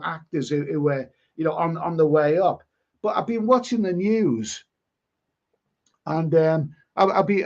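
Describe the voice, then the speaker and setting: A man's voice: fairly high pitch, a little mellow, dull audio. A man hosting a casual live stream, rambling through viewer comments with many stumbles and restarts, a bit bunged up with hay fever. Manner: halting, many repeated words and restarts. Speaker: livestream host reading viewer comments.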